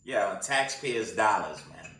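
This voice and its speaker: A man's voice: lowish voice, animated, slow, fairly bright tone, recorded from a distance. A tired man hosting casual news commentary with prophecy talk, rambling with many fillers and restarts. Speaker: host of a news commentary channel. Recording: roomy sound, away from the mic.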